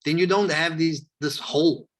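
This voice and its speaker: A South African man talking in a relaxed, rambling way and acting out the voices of people he quotes, as a guest on a video call interview. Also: a little high, normal speed. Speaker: hip hop educator, interview guest. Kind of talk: casual interview conversation.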